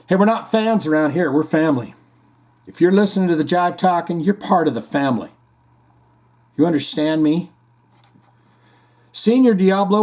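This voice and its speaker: Male podcast host, slightly high voice, rambling, jokey, casual chat. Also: darkish tone. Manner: rambling, jokey, puts on silly voices for punchlines. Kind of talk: casual chat reading listener comments.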